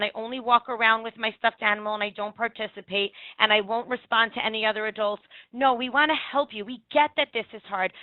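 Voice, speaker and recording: A woman's voice: a little high, no echo. Woman speaking over a thin, phone-like line. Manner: direct, reassuring advice with repeated emphasis. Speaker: early childhood education speaker. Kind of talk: presentation on separation anxiety.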